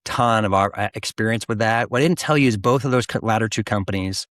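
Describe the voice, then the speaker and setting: Middle-aged male guest, low voice, dry studio mic, animated storyteller. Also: fast, no echo. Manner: animated, restarts often, acts out quoted voices. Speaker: guest, business founder. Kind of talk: casual interview storytelling.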